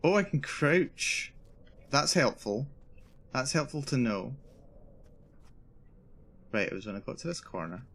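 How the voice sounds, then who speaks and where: A man's voice: medium pitch, sing-song, measured pace, vocal fry, pauses often, a bit bright, slightly rough. A male streamer giving live commentary on a horror game, nervous and repeating himself as he narrates his own fear. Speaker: VTuber streamer.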